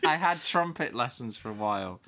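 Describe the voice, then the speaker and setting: A man's voice: medium pitch, expressive, a little fast, sharp tone. A man from England co-hosting a casual podcast, telling school stories with plenty of laughter and impressions. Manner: storytelling, laughs often, does impressions. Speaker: podcast co-host. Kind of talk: casual chat.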